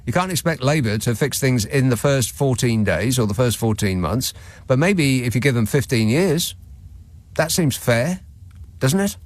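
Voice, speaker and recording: A man's voice: mid-range voice, animated, normal speed. A male radio talk show host, sardonic and chuckling as he reads out listener messages and comments on them. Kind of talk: late-night radio phone-in monologue. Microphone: studio microphone.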